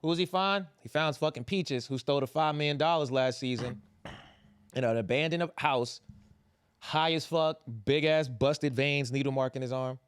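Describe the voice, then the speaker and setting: A young man talks fast and loose on a podcast, swearing and slipping into the characters' voices. His voice sits a bit high, and the sound is dry and close. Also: clean tone, dry recording. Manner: animated, profane, acts out quotes. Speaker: podcast co-host. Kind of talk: casual recap chat.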